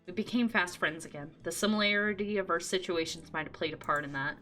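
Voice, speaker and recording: A woman streamer reading out the narration of a dating game live, in a calm, lowered voice. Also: fast talker, faint music behind.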